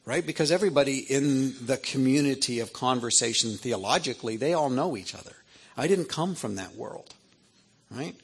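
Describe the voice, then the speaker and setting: A man in his fifties tells personal stories to an audience, checking in with "right?" as he goes. His voice is gravelly with a husky edge, and it sits at a mid pitch. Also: expressive, normal speed. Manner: conversational, keeps asking 'right?'. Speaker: author speaking to an audience. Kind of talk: personal storytelling talk.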